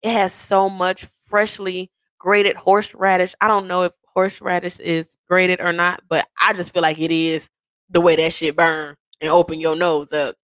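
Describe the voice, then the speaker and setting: On a podcast she hosts, a young woman shares a personal story casually and with lots of energy, cursing freely and bursting into high, excited laughter. She talks at a normal speed, and there's no echo.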